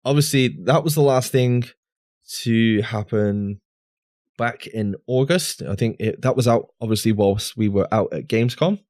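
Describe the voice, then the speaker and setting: A man's voice: mid-range voice, measured pace, darkish tone, dry recording, clean studio sound. A man co-hosting a podcast, chatting casually over drinks in a rambling way with plenty of restarts. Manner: rambling, restarts, filler words. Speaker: podcast co-host.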